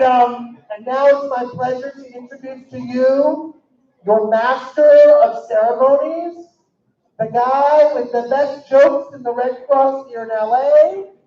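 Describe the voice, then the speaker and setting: A man giving a cheerful, joking welcome speech to a crowd at an indoor event. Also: very high-pitched. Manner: upbeat, joking. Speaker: regional chief executive welcoming guests. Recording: echoey, dull hall recording from far off.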